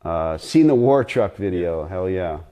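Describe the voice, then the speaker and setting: A man's voice: sits low, animated, measured pace, a crowd in the background. A middle-aged man chatting bluntly and ramblingly as a guest on a live stream Q&A.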